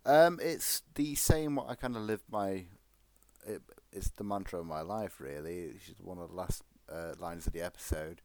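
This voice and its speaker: A man chats casually as a podcast co-host. His voice sits very low and sounds dry and close. He rambles and jokes, restarting his sentences often. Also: moderate pace, no room sound. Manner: rambling and jokey, with many restarts. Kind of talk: casual chat.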